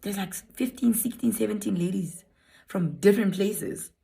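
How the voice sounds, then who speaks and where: A woman's voice: mid-range voice, moderate pace, creaky, warm tone. A South African woman telling her own story to viewers in a chatty, candid vlog, rambling a little and slipping into Setswana.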